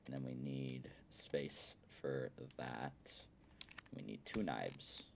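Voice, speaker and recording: Low-voiced male gaming streamer, chatty play-by-play with jokey asides, steady noise underneath. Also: slow pace, vocal fry. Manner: chatty, explaining strategy with playful asides. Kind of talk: casual game commentary.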